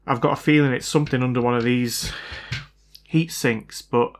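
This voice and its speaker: A man's voice: mid-range voice, steady tone, moderate pace, a little hiss or hum. A man talking through a repair as he works, thinking aloud and often unsure of himself. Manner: hesitant, unsure, self-doubting. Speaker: hobbyist repair vlogger. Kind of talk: casual thinking-aloud commentary.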